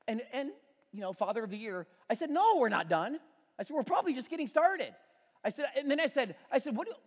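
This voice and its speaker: A man's voice: very high-pitched, very animated, quick pace, husky, big-room sound. A middle-aged male pastor preaching a sermon, telling a story about his son with self-deprecating humor in a church auditorium.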